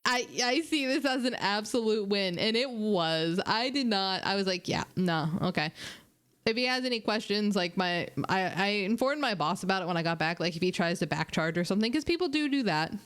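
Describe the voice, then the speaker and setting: A young woman streamer casually telling animated, chatty stories to her viewers, laughing and swearing along the way. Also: medium pitch, fairly quick, clear, resonant tone. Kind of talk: casual storytelling.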